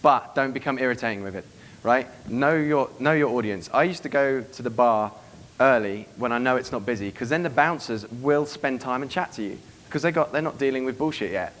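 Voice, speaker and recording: A man giving a seminar to a live room, brisk and profane, acting out club scenes as he goes. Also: mid-range voice, fairly bright tone. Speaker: dating coach giving a seminar. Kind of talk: live seminar talk to an audience.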